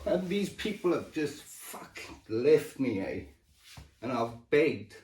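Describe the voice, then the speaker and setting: Recorded from a distance against a noisy background in an echoey room, this man talks slowly at medium pitch with big swings in intonation. Sharing his health story, he is raw and emotional, swears freely, and his level falls off without warning.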